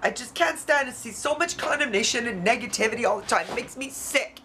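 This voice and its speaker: A woman's voice: on the high side, expressive, a little fast, bright, forceful tone, slight background noise. A woman venting on her video blog, outspoken and frustrated, swearing freely as she talks. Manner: heated, frustrated. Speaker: YouTuber. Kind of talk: emotional vlog rant. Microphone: camera mic.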